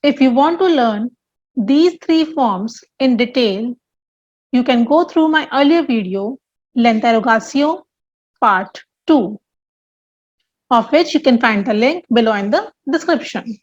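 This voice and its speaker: A woman with a high voice teaches a language lesson at an unhurried pace, carefully repeating each example so learners can follow. The recording sounds a little dull and lo-fi. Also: lively intonation. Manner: slow, deliberate, repeats example sentences. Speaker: French teacher. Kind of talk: explaining grammar to learners.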